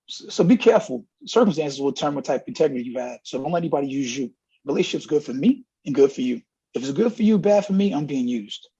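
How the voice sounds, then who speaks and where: Husky, gravelly middle-aged man coach. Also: on the high side, lively intonation, fast, mellow. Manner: earnest storyteller acting out dialogue. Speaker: college running backs coach, interview guest. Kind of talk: candid interview talk. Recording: dull lo-fi audio.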